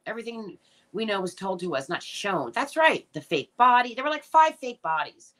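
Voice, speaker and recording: A woman's voice: medium pitch, very animated, moderate pace, fairly bright tone. A middle-aged woman hosting a casual livestream, reading viewer comments and answering them in a blunt, emotional way with plenty of swearing. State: tearful at times. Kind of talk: casual live chat.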